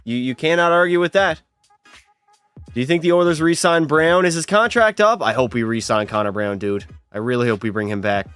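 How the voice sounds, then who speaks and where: A man's voice: medium pitch, lively intonation, fairly quick, fairly bright tone, smooth, faint music behind. A young man live-streaming a hockey video game, chatting and teasing his viewers as he plays. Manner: chatty, teasing, banters with chat.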